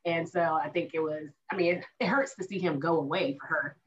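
Woman podcast cohost, animated tv recap, sounds far from the mic. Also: low voice. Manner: animated retelling, drawn-out asides. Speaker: podcast co-host. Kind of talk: casual chat recapping a TV episode. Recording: distant, dull lo-fi sound.

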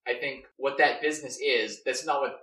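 A young man casually brainstorming a story, rambling with many fillers and animated restarts, recorded roomy and off-mic. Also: mid-range voice, normal speed, distant mic. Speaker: story co-writer.

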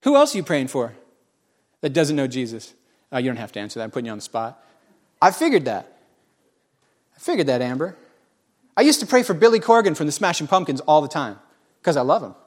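Animated man preaching, pitch swinging. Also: fairly quick, pauses often. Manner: animated, swings between loud exclamations and quiet asides; folksy, joking with the congregation. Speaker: pastor. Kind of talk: sermon.

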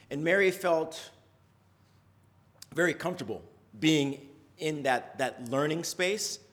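A man preaching a sermon, retelling a story conversationally with lively swings in pitch. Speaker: pastor.

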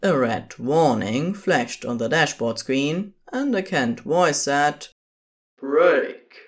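A fiction narrator reading in an unhurried, measured way, letting the pitch rise and fall with the story. The delivery is steady and clear. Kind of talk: scripted narration of fan fiction.

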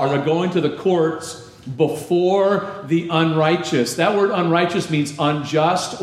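Guy pastor preaching, kinda high voice, roomy church echo, reads verses slow. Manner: animated preaching, slows for scripture reading. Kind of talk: sermon. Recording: echoey church hall.

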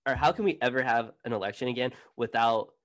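A man's voice: medium pitch, quick pace, fairly bright tone. A laid-back young man co-hosting a casual chat, often saying "dude". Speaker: podcast co-host.

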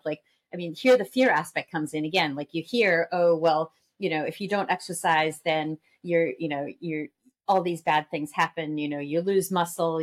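A woman speaking as a guest expert in a podcast conversation, explaining in a measured way with frequent fillers. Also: sits low. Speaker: guest expert on missing periods.

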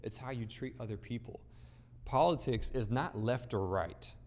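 Speaking in a mid-range, somewhat mellow voice at a moderate pace, a man preaches to a gathered audience. His manner is emphatic, full of rhetorical questions and repeated phrases that build each point. A large hall's long reverb surrounds his voice.

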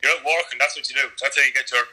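A man's voice: medium pitch, fairly even intonation, sharp tone, low-quality recording. A young man with an Irish accent from Kildare, a guest joking along in casual banter with a friend. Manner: quick, joking, laughs along.

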